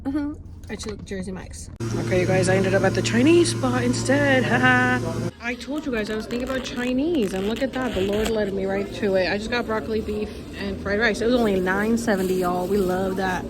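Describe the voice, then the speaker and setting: A woman chatting to the camera in a casual vlog from a parked car, bubbly and chatty, acting out what others said in a high voice. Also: brisk. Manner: chatty and bubbly, retells with excited high quotes. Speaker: vlogger. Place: parked car on a road trip.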